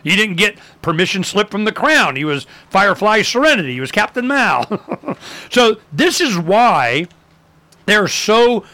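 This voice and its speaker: A man telling history in a casual, animated way, acting out quotes and using many fillers. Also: high-pitched.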